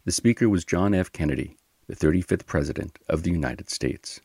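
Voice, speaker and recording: A man hosting and narrating a history podcast in a slow, measured scripted storytelling delivery. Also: deep voice, darkish tone, breathy edge, no echo.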